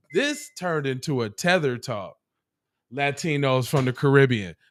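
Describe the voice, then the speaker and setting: A man hosting a podcast, reacting to clips in loud, mocking casual commentary full of swearing. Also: on the high side.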